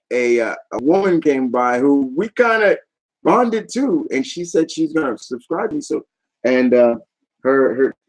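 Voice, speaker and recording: A man's voice: mid-range voice, poor audio. A man chatting casually on his vlog, rambling enthusiastically and often trailing off mid-thought. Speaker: YouTube vlogger. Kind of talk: casual chat recap.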